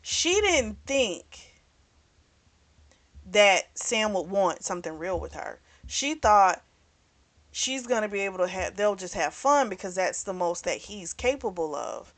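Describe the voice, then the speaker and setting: A woman's voice: mid-range voice, unhurried. Chatty woman recapping a book. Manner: chatty, animated storytelling with frequent "you know". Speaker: book club host reviewing a novel. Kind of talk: casual plot recap.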